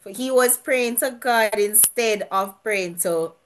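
At an online church gathering, a woman with a slightly high voice hosts a casual quiz over video call, speaking slowly. She's chatty, laughs often, and restarts her sentences.

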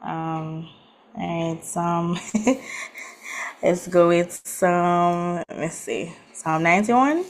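A woman on a video call, chatting and laughing as she reads scripture aloud haltingly. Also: fairly low pitch, slight background noise. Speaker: participant in an online prayer meeting. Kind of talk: casual video-call chat and scripture reading.

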